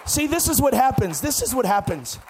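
A man preaching a Pentecostal sermon, shouting and folksy, dropping to quiet asides between loud calls. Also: extremely high pitch, very animated, brisk, some chatter behind, slight background noise. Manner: shouting, preaching with rising intensity. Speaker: pastor.

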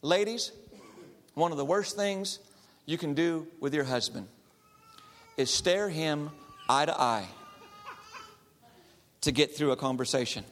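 A man's voice: fairly high pitch, slow, long pauses, long reverb tail. A man, a counselor, telling stories to a live audience and acting out the people in them. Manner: animated, acts out the people in his stories. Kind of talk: storytelling talk to a live audience.

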